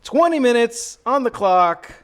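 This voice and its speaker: A man's voice: very high-pitched, sing-song, unhurried. A man hosting a cooking livestream, chatting casually and addressing his viewers directly.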